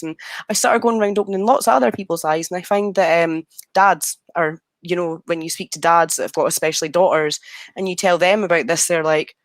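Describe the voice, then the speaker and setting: A young Scottish woman on a video call, telling her story in animated casual chat and acting out the quoted exchanges. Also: lowish voice, no echo. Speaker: guest.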